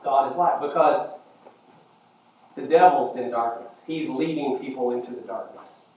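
A man preaching a sermon, emphatic, swinging from quiet explanation to loud declaration. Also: mid-range voice. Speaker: pastor. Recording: roomy, dull sound from a distant mic.

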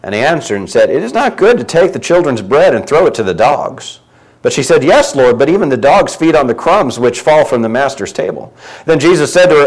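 Guy preaching a sermon, voice jumps all over, gets loud then drops way down quiet. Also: a little fast, rough recording. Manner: animated, swinging from loud emphatic lines to quiet low ones; reads scripture aloud with rising emphasis.

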